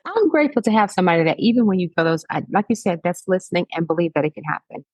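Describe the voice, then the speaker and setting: A woman's voice: fairly low pitch, very animated, rapid-fire, a little mellow, dry recording. A woman hairstylist, a guest on a podcast, speaking earnestly and encouragingly about community and support. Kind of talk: casual interview chat.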